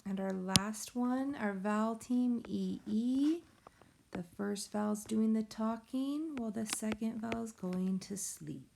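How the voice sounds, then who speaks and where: Woman teacher, phonics lesson for young children, patient sing-song explaining, very slow pace, slightly gravelly voice. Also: a little high, noisy background. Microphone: tablet or device mic.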